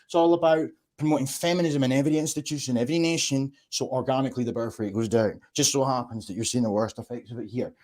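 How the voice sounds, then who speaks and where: A Scottish man chatting on his livestream in an animated, sweary way. He laughs often and curses freely as he talks, with a voice of middling pitch. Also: fast, few pauses. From Scotland. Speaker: livestream host. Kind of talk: casual livestream chat.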